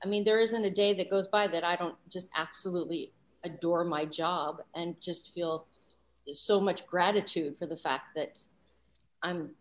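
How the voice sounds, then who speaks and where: A woman of sixty from Los Angeles, a guest voice actor talking about her career in an animated, enthusiastic way with frequent fillers. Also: fairly low pitch, normal speed. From Los Angeles, USA. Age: 60s. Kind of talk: casual interview chat.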